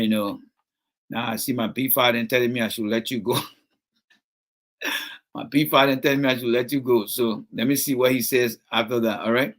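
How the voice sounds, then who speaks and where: A middle-aged Liberian man with a Liberian English accent hosts a livestream, reads viewer comments and scolds a commenter over and over with emphasis. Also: medium pitch. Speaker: livestream host reading comments. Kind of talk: casual livestream talk.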